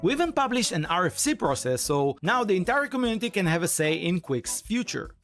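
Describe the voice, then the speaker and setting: A man delivering a scripted conference talk, full of energy and salesmanship. His pitch swings widely as he pitches ideas, and faint music plays underneath. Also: big pitch swings, brisk, fairly bright tone. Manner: enthusiastic, pitching, playful. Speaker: conference speaker and framework core team member.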